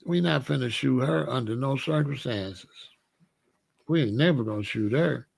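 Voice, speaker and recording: A man's voice: mid-range voice, normal speed, creaky, slightly rough. A man giving casual, slangy commentary, often acting out the people he talks about. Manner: animated, slangy, acts out quoted voices.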